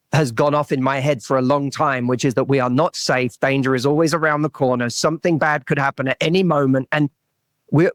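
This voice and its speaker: A man speaks in a slightly higher register, earnest and searching as he tells a story, often stumbling and restarting mid-sentence. The sound is close and dry, with almost no room around it. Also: no echo. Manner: earnest, restarts and repeats words while telling a story. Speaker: relationship coach, podcast guest. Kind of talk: storytelling in a podcast interview.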